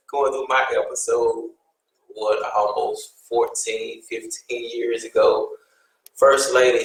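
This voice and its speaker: A man on a discussion panel talks in a slow, reflective way, stopping and restarting as he searches for his words. His voice is at a middle pitch and echoes strongly around the room. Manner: reflective, halting, with repeated restarts.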